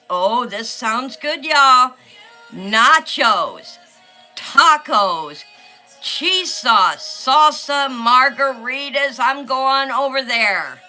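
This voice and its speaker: Her voice on the high side, bright and forceful, a middle-aged livestream host chats casually as she colors. She reads out comments from her viewers along the way.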